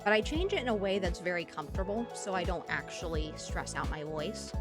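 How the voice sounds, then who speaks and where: A woman's voice: on the low side, expressive, brisk, music in the background. A woman streamer with a Southern US accent, chatting casually with viewers and laughing often. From US Midwest and South.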